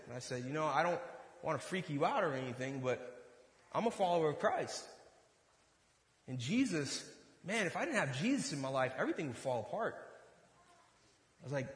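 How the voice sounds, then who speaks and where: Guy preaching a sermon, super animated pitch, echoey church hall. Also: moderate pace, pauses often. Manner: animated storytelling, acts out dialogue. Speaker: pastor. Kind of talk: sermon with personal story.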